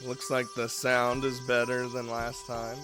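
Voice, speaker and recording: A man's voice: mid-range voice, monotone, a little slow, over music. A man streaming a game live, rambling and laughing often, casually swearing, just woken up and yawning.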